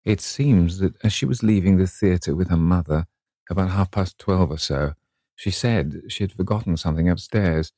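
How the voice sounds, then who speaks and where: A man voicing a witty, cynical aristocratic gentleman in an urbane, measured manner. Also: low voice, dry recording, studio quality. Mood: grave. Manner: urbane, epigrammatic.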